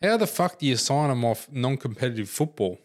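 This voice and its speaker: A man's voice: medium pitch, lively intonation, a little fast. A man with an Australian accent on a podcast, grumbling and questioning the others, with occasional swearing. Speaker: podcast co-host. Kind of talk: casual chat.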